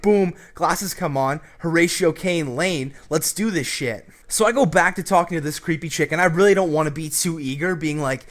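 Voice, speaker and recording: A male vlog host tells a story casually, acting out everyone's lines. He swears freely, and his voice sits slightly high. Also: a little fast. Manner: animated, acting out quotes, profane.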